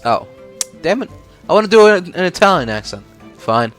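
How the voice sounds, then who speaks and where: A male let's play host reading game dialogue aloud with casual, self-deprecating asides. His voice sits a little high. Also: sing-song, moderate pace, long pauses, a bit bright, faint music behind.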